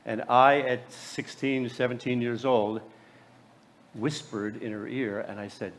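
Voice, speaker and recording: A New Jersey man in his late sixties, an American keynote speaker, tells personal stories, often stumbling and repeating words. His voice is medium-pitched with fairly even intonation and an unhurried pace, with a little hiss or hum in the recording.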